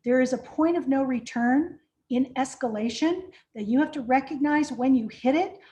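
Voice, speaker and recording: Woman trainer, fairly high voice, direct and practical, checks in with the audience. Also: moderate pace, warm tone. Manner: practical, repeats "right?" to check understanding. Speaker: conference trainer. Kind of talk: training presentation.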